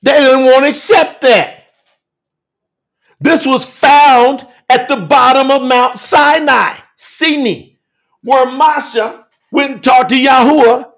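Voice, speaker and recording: A man preaching fiery and emphatic to a telethon audience as a scripture teacher, repeating phrases and shouting at times. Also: very high-pitched, fairly even intonation, slow pace.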